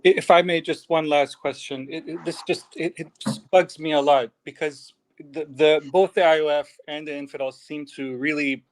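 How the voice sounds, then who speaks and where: A man's voice: fairly high pitch, fairly even intonation, normal speed, rough recording. A man hosting an interview, asking long questions hesitantly while he searches for words. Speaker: interview host.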